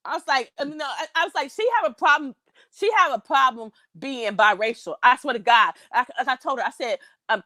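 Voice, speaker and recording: A woman, telling a story in animated, indignant casual chat. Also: sits high, brisk, no room sound. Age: 40s.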